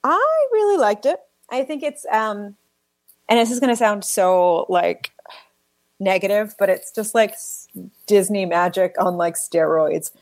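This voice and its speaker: A woman's voice: medium pitch, animated, unhurried, no echo. A woman co-hosting a casual podcast chat, talking with lots of "like" fillers and giggly asides. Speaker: podcast co-host.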